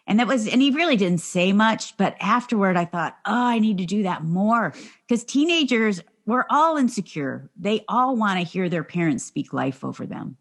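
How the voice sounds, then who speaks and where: A woman's voice: medium pitch, expressive, normal speed. An older woman telling a family story as a podcast guest, heartfelt and acting out the dialogue she quotes. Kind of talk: interview storytelling.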